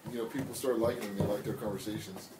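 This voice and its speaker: A man's voice: on the low side, steady tone, very fast. A teenage young man in casual podcast chat, trading crude teasing banter. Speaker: podcast co-host. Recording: echoey room, distant mic, background noise.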